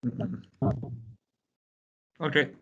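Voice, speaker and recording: A man whose first language is Italian, teaching an English lesson in a relaxed conversational way with lots of fillers. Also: highs cut off. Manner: unhurried, many "you know" fillers.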